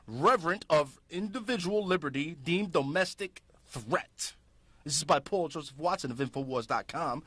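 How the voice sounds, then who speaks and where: A man's voice: high-pitched, big pitch swings, normal speed, a bit bright, no room sound. A man hosting a public access show, delivering impassioned political commentary in a fiery, ranting, emphatic way.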